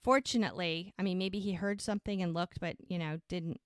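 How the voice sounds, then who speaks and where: A woman's voice: on the low side, steady tone, a little fast, dry recording, clean studio sound. A woman podcast co-host giving a chatty recap of a TV episode, telling it as a story and acting out the characters' lines. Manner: chatty storytelling, acts out quotes.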